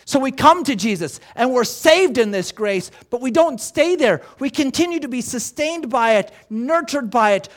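A man's voice: very high voice, lively intonation, normal speed, few pauses. A man preaching a sermon as pastor, emphatic, asking rhetorical questions and repeating key phrases.

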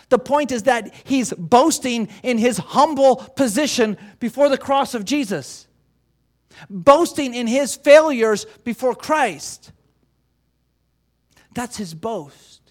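High-voiced man preaching emphatically. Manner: emphatic, with rhetorical questions and repetition. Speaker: pastor. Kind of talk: sermon.

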